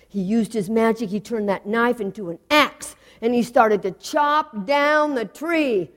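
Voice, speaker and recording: A woman telling a folktale in an expressive, rhythmic way with sound effects. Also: fairly high pitch, measured pace. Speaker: storyteller. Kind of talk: folktale storytelling.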